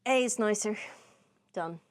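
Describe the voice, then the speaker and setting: A young adult woman co-hosting a casual podcast chat, an animated storyteller who swears freely and acts out her own past lines. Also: mid-range voice, a little slow. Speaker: podcast co-host. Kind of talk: casual chat over whiskey tasting.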